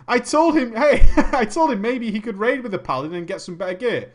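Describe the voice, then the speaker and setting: A man tells a gaming story and keeps breaking off for jokes and mock outrage. His voice sits high, and he curses freely and laughs between lines. His tone swings widely from phrase to phrase. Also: lively intonation, moderate pace. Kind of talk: comic reading with commentary.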